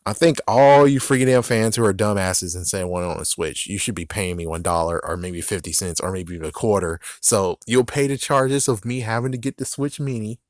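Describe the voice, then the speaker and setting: A man's voice: on the low side, brisk, hardly any pauses, no echo, studio quality. A man giving a ranting commentary on games, exasperated and profane, repeating himself as he vents. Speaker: gaming vlogger.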